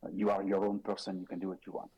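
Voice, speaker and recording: Man voicing a hushed, earnest cloaked ally, deep husky tone, halting speech. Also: monotone, low-quality recording.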